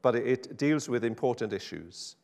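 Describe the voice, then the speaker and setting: A man's voice: mid-range voice, animated, normal speed, darkish tone. A man preaching an informal sermon in a chatty, wry, self-interrupting way. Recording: hall reverb.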